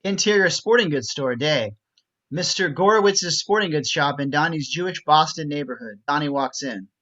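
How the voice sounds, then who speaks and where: A man reads stage directions in a clear, matter-of-fact voice. His tone is bright and sharp. The recording sounds dull and lo-fi. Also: a little high, normal speed. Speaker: narrator reading stage directions. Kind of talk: script reading narration.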